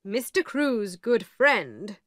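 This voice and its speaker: Calm storybook lawyer, woman voicing him, measured, slow, dry recording. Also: on the high side, no room sound, full character voice. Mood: grave. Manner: slow, measured, matter-of-fact. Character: calm, grave male lawyer. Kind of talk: storybook reading.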